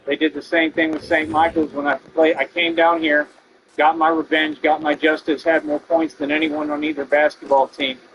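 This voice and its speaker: A Texan man rants at his viewers while gaming on stream, boastful and confrontational. His voice sits on the high side with a level tone, normal speed and a slightly bright quality. The stream audio is dull and lo-fi, with a little hiss or hum.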